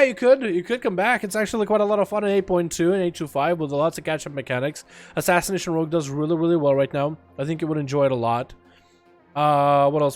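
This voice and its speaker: A young man livestreaming a video game in a casual chat, reading and answering his chat, with sudden loud excited outbursts. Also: a little high. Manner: chatty, reads and answers chat, bursts into loud excited outcries.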